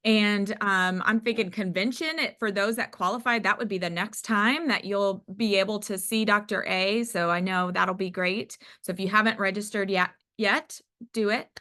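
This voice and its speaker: A woman's voice: medium pitch, steady tone, normal speed, sharp tone. A woman leading a team video call in an upbeat, encouraging way.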